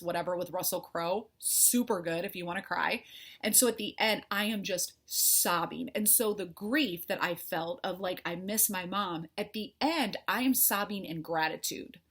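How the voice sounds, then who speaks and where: A woman's voice: lowish voice, a bit bright, breathy edge. A middle-aged woman coach talking candidly to her followers, heartfelt and conversational, with a faith-filled manner. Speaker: life coach. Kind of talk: candid personal talk to followers.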